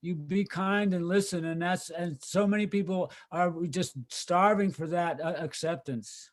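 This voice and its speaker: A male host with a notably high voice leads a casual conversation over a video call. He talks loosely, drifting between thoughts with fillers. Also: a little slow.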